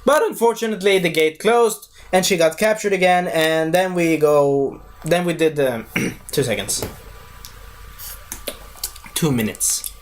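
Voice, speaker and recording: A man's voice: on the high side, a little slow. A man giving a casual spoken movie review, rambling, losing his thread and correcting himself as he goes.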